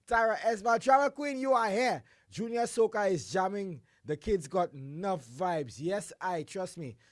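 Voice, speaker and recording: A man hosting a radio show, his voice hoarse from the flu, loudly calling out greetings and shout-outs and then settling into quieter chat. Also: high-pitched, animated, a little slow, no echo, clean studio sound. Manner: exuberant, shouts greetings, drops into a quieter voice between. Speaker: radio host.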